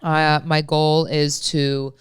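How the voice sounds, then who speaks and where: A woman in her late thirties co-hosting a podcast, her voice stuffed up from a head cold. Despite the congestion her tone stays smooth and clear, and the sound is dry and close. She rambles in a chatty, self-deprecating way. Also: low voice, level tone, takes it slowly, dry recording. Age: late 30s. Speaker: podcast co-host. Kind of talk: casual podcast chat.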